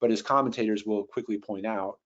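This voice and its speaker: A man teaching Bible translation in a webinar, thinking aloud with fillers and restarts, and reading Greek words slowly. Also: lowish voice, fairly even intonation, fairly bright tone. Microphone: computer mic on a video call. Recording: dull lo-fi webinar audio.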